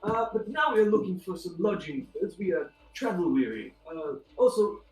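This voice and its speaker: A man voicing a posh, courteous male gentleman adventurer who speaks overly politely. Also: sits high, big pitch swings, normal speed, voice pushed up. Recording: echoey room, far from mic.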